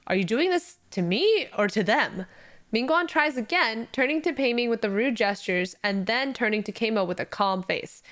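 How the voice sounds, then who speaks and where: Higher-voiced woman recapping a story. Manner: animated narration with laughter. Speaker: podcast co-host.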